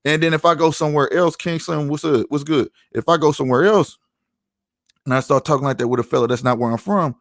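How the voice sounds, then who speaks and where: A man's voice: medium pitch, fast talker, dry recording, clean studio sound. Slangy St. man chatting on a podcast. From St. Louis, USA. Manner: slangy, storytelling, lots of "you know what I'm saying". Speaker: podcast host. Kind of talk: casual podcast chat.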